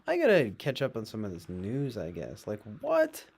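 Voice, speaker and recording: A man's voice: wildly swooping pitch, moderate pace, darkish tone, slightly rough. A man streaming live, reading news aloud and reacting with casual, sarcastic commentary. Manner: sarcastic, swings into mocking high voices.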